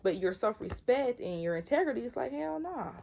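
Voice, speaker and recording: With a slightly high, animated voice and a darkish tone, this Michigan woman in her 20s reads tarot briskly, using slang and repeating things for emphasis in a chatty way. Slight background noise is audible.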